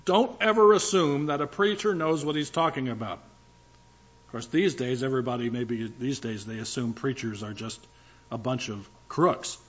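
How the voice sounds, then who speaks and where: A man's voice: medium pitch, moderate pace. Older guy pastor preaching, chatty and emphatic, kinda muffled recording. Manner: conversational, emphatic preaching with asides. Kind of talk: sermon.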